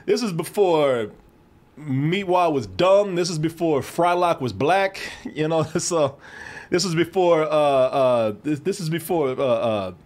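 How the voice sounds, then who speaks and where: A man hosting an interview, chatty and quick to laugh. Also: fairly high pitch, lively intonation, a little mellow. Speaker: interview host. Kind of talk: casual interview chat.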